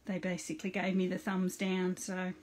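A woman's voice: lowish voice, completely flat delivery, moderate pace, a little mellow, slight background noise. A middle-aged woman hosting a casual live card-making demonstration. She chats with viewers by name and narrates each step aloud.

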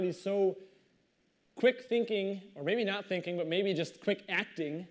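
A male pastor reading scripture aloud and commenting on it in a conversational, animated storytelling way. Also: high-pitched, measured pace.

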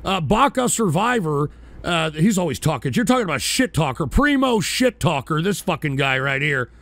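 Male host, brash and rambling, higher-pitched voice, dry close mic, casual profane radio banter. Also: big pitch swings, moderate pace, fairly bright tone, no echo. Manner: brash, rambling, mock-indignant. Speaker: host of a call-in radio show.

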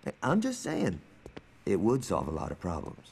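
A man's voice: on the low side, wildly swooping pitch, moderate pace, vocal fry, a little mellow, breathy edge, long reverb tail, heavily acted. An actor playing a violent, hot-tempered male gang member in a video game, talking in a profane, aggressive way. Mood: angry.

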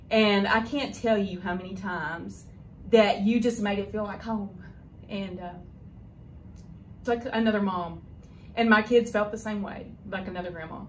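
A woman tells affectionate anecdotes in a relaxed, chatty way, as if speaking straight to an old friend. Her voice sits at an ordinary middle pitch for a woman. A faint hiss runs under the recording. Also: moderate pace. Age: 50s. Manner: fond, chatty anecdotal telling with soft laughter. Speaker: school child nutrition director. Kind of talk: personal tribute message, storytelling.

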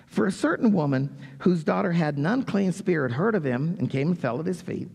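A man preaches in a church, his voice high and husky with a gravelly edge. He swings through a wide, lively pitch range as he reads scripture and acts out the story. A long reverb trails his words around the sanctuary. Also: brisk. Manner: reads scripture, then animated retelling with raised voice for quotes. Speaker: pastor. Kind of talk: sermon.

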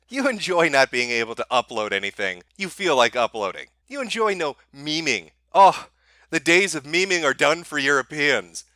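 A man's voice: a little high, sharp tone, no room sound. A man delivering a sarcastic, profane comedic rant as an online commentator. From United States.

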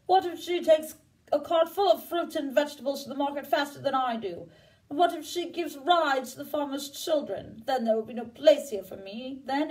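A proud, jumpy young horse pleads loudly in a storybook, as a woman acts it out. The high voice sounds a little distant from the mic.

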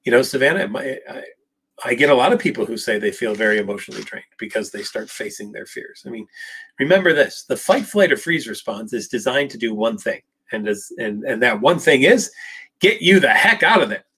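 Brief: husky-voiced male psychologist on a live Q&A, casual and emphatic, middle pitch. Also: lively intonation, brisk, fairly bright tone. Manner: emphatic, talks straight to viewers by name. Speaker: psychologist answering viewer questions.

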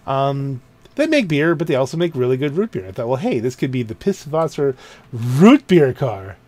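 This gaming channel host speaks at a medium pitch, a little mellow, at a moderate pace with big swings in pitch. He gives chatty, rambling let's-play commentary while touring his video game car garage, often stopping to correct himself.

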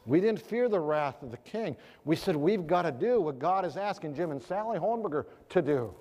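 A middle-aged man preaching a sermon, telling stories with animated, emphatic exclamations. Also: a little high, moderate pace. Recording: long hall reverb.

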